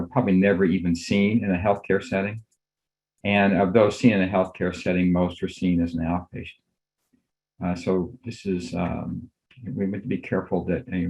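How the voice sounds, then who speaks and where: An older man, a physician, giving a measured academic lecture on a video call, courteous and full of fillers. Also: sits low, a little mellow, rough recording. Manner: measured, courteous, thinks aloud with many fillers.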